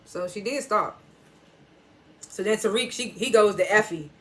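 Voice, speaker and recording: A woman's voice: medium pitch, unhurried, a bit bright. A woman giving a casual, blunt TV episode recap, laughing often and adding loose asides. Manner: laughs often while retelling scenes; blunt and profane. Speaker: TV episode reviewer.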